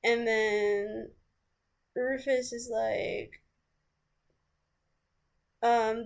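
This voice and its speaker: A woman's voice: fairly high pitch, a little slow. A woman vlogger telling a personal story in a casual, candid way, often stopping to restart her sentences. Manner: casual and candid, breaks into laughs and sighs, restarts. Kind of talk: storytime vlog.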